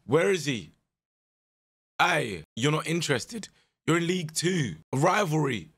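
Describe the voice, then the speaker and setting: A young man with a strained voice, giving animated, slangy commentary while playing a management game. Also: a little high, unhurried, husky. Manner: animated, exclaiming, slangy banter. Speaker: gaming content creator. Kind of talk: casual gameplay commentary.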